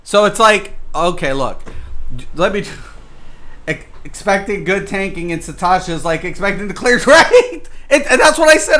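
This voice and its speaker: High, bright-voiced male streamer. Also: animated, unhurried. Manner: rambling, exasperated venting, often breaking into laughter. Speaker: game streamer. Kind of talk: casual live-stream chat.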